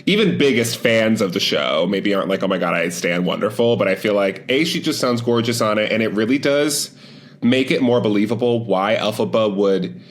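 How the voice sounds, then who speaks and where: A man's voice: fairly low pitch, normal speed. A man in casual chat, weighing his views on a film thoughtfully, with many fillers and hedges. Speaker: podcast guest.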